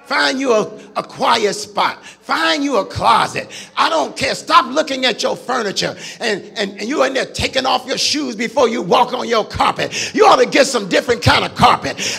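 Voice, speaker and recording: A man preaching a sermon, often shouting and sliding into a sing-song cadence, calling on the congregation to respond. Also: very high voice, animated, moderate pace, gravelly, few pauses, breathy edge. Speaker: pastor.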